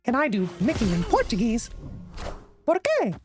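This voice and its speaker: A man streaming a card game while putting on a squeaky, high cartoon mouse voice and swearing in character. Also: wildly swooping pitch, normal speed, over music, heavily acted. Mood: squeaky playful. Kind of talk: live game stream chat.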